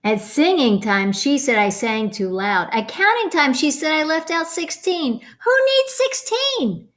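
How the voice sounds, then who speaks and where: A woman reading a children's picture book aloud, expressive and playful, stopping to comment on the pictures. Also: high voice, measured pace. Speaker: storybook reader.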